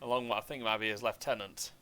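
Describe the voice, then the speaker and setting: Bright-voiced male game streamer. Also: fairly low pitch, fairly even intonation, quick pace. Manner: wry asides. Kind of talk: casual live gameplay commentary.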